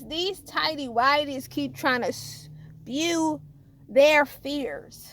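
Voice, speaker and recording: A woman preaching informally about her faith in a fervent, halting way, often repeating and restarting phrases and chuckling. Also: high voice, a bit bright, no room sound. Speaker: spiritual vlogger.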